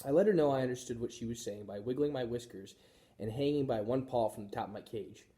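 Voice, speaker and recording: A male teacher reading a children's chapter book aloud with expressive storytelling. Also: medium pitch, quick pace.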